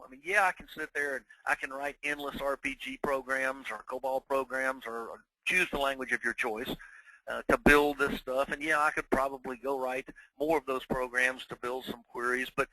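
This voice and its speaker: A man's voice: medium pitch, sharp tone, no room sound, low-quality recording. A man with a Northeastern New York accent giving a webinar presentation, talking conversationally and posing rhetorical questions.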